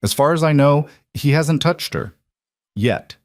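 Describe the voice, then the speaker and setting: A man narrating an audiobook voices a weary female detective who questions in a measured, level way. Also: on the high side, expressive, no echo, clean studio sound, pitched above the performer's own voice. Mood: weary, earnest.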